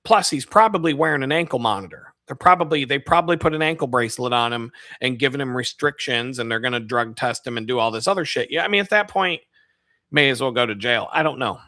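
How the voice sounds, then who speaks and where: A man's voice: medium pitch, fast talker, sharp tone, no room sound, studio quality. A man on a live stream, ranting casually in a profane, rambling, mocking way. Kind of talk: casual rant.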